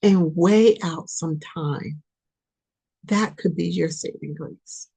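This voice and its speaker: A woman hosting a spiritual podcast, giving an impassioned reading that pleads and repeats itself, swinging from loud urging to soft near-whispers. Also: deep voice, slow pace, gravelly, breathy edge. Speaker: podcast host, spiritual reader.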